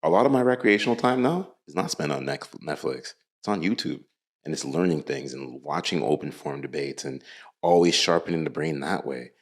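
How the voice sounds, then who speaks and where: Male podcast host, very low voice, animated, teasing delivery. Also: fairly quick. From Canada. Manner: animated, jokey, laughs often, teasing. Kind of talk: casual interview chat. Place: London, Ontario.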